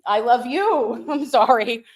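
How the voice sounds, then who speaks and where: A woman's voice: on the high side, expressive, takes it slowly. A woman hosting a casual livestream, gushing and laughing often, calling her viewers lovies. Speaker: livestream host. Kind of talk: casual chat.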